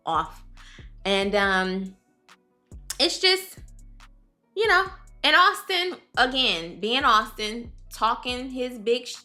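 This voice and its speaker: A woman recapping a reality dating show in a casual vlog, sassy and animated, calling the viewer "girl" as she talks. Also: mid-range voice.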